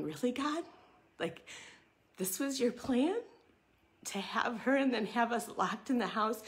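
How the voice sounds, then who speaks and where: A woman's voice: low-pitched, fairly bright tone. A woman in her thirties giving an earnest, conversational church devotional talk, reading scripture and speaking casually.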